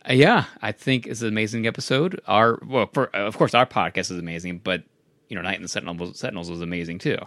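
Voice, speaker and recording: A man's voice: on the low side, fast, a bit bright. A man co-hosting a casual podcast, trading dry jokes with his co-host. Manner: dry joking banter. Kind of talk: casual chat.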